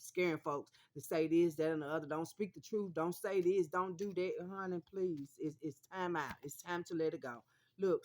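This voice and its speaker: A woman's voice: lowish voice, a bit bright. A woman from the American South, talking straight to her viewers in an emphatic, repetitive monologue that keeps calling them honey. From Mississippi, US South. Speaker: vlogger.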